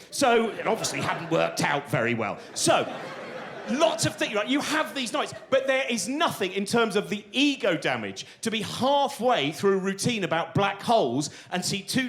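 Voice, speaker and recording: Animated self-mocking English comedian. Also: male voice, sits high. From England. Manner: rambling, self-deprecating, animated, restarts often. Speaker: stand-up comedian. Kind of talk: stand-up routine.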